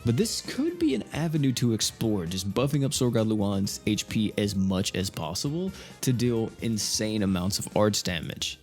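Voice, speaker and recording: A young man with a lowish voice gives an animated reaction to a new game character, thinking aloud and laughing often. He talks casually into a desk mic. Faint music plays underneath. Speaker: gaming YouTuber. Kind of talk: casual gameplay commentary.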